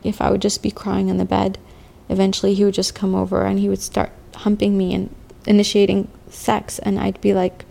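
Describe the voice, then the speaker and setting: Halting, gravelly woman telling her story. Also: mid-range voice, monotone. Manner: quiet, halting, slow pauses. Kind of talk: personal testimony. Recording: faint music beneath.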